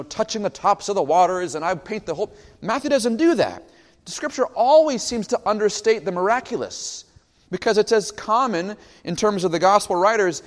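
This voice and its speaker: A male pastor delivers an expository sermon, leaning on dramatic pauses and stressed words. His voice sits a little high for a man. The sound rings with the long reverb of a church hall. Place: church sanctuary.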